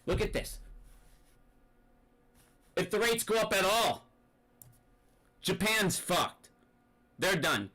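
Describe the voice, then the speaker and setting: A man's voice: high-pitched, lively intonation, takes it slowly, pauses often, sharp tone, poor audio. A young man giving an angry, profane, rambling rant about finance. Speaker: finance commentator. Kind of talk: ranting commentary.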